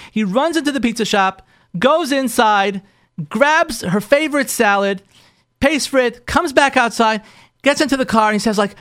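A man's voice: sits high, moderate pace, dry recording, studio quality. A man, a rabbi and marriage counselor, telling a story to an audience and acting out the lines of the people in it, often restarting words. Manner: animated, acts out the couple's lines in quoted voices.

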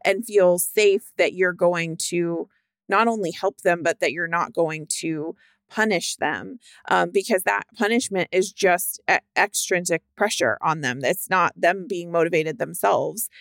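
A female podcast co-host speaking emphatically in casual conversation, fond of vivid phrasing. Her voice sits a little low for a woman. The sound is dry, with no room echo. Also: a little slow, creaky, a bit bright. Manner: emphatic, colorful turns of phrase. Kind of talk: casual advice chat.

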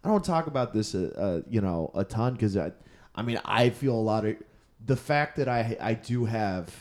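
A man's voice: fairly low pitch, expressive, normal speed, darkish tone. A male comedian in casual conversation, talking candidly and restarting his sentences often. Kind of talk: casual podcast chat.

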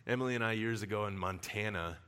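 A male pastor preaching a sermon with personal stories, telling them in an animated way and laughing often. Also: on the low side, fast, clean tone. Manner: animated storyteller who laughs often while talking.

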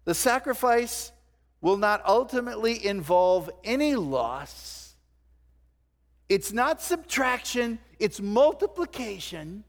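A man preaching a sermon to his congregation, swinging between loud emphasis and hushed low phrases. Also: sing-song, takes it slowly. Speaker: pastor. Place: church sanctuary. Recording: long hall reverb.

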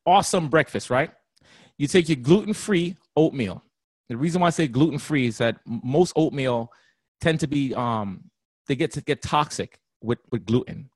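A man, a guest personal trainer on a radio interview, talking in an animated, laugh-prone way. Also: medium pitch, breathy edge, no echo. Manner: animated, laughs often, slips into playful voices.

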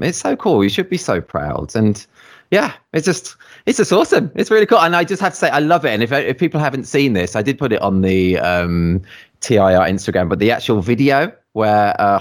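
Animated, enthusiastic male podcast host. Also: mid-range voice. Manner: enthusiastic, effusive. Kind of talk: casual interview chat.

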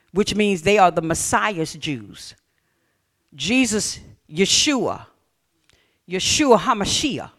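A pastor preaching a sermon in a strikingly high, bright, forceful man's voice. He reads scripture passages aloud and breaks off to question the congregation directly. At key points he rises to shouted emphasis.

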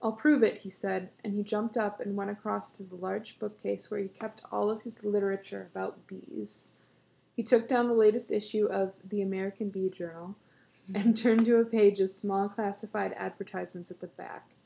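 A woman reading a short story aloud, narrating in a steady, even way. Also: medium pitch, moderate pace, vocal fry. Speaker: story reader.

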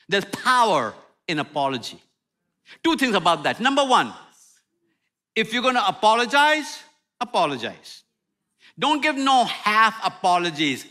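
Animated high-voiced male preacher. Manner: animated, humorous preaching with sudden loud and soft turns. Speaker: pastor. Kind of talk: sermon.

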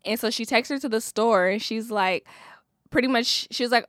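A woman's voice: a little high, moderate pace, no room sound, studio quality. A woman with retelling a reality show in casual chat, swearing freely and acting out what people said. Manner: animated storyteller, acts out quotes, swears freely. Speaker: podcast co-host.

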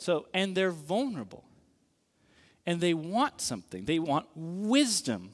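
Lively man preaching in an echoing hall. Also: high-pitched, measured pace. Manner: animated, conversational, asks the audience questions. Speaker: pastor. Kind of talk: sermon. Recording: long reverb of a large hall.

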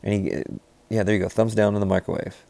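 A man in rambling, deadpan comedic banter, riffing with frequent restarts. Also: on the low side, fast talker, creaky, no room sound.

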